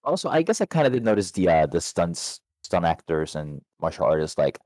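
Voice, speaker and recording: Casual: deep voice guy goofing around about movies, swears a lot, bouncy pitch. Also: big pitch swings, brisk, darkish tone, no echo. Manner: playful, swearing, jokey asides. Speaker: podcast co-host. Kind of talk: casual film review chat.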